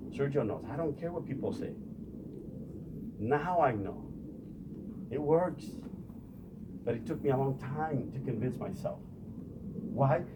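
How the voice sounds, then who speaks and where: Background noise runs under this medium-pitched male voice. He's a motivational speaker talking to a group, repeating himself, calling them "you guys," and frequently stumbling as he begins sentences over.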